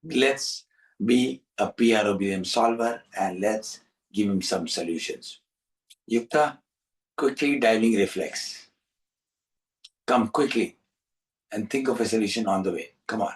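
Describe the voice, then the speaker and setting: A man, hosting a storytelling session for young listeners in an animated, repetitive, coaxing way. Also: fairly low pitch, a little slow, long pauses, far from the mic, rough recording. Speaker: storyteller and host.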